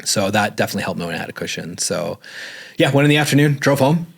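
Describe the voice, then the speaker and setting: A man with a fairly low voice tells his story in a loose, conversational interview. He rambles and leans on "like" as a filler. He grows animated when he acts out what people said. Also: fast talker, vocal fry, slightly rough. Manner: rambling, filler-heavy, says "like" often; animated when retelling dialogue. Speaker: guest.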